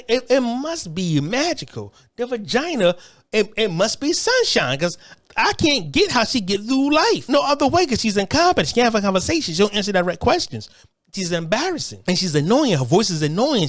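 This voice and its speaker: A man in the middle of a fired-up political monologue. His voice sits high and swings widely, and he curses freely. He keeps stumbling into restarts as he talks. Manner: heated, profane, repetitive restarts. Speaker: online commentator.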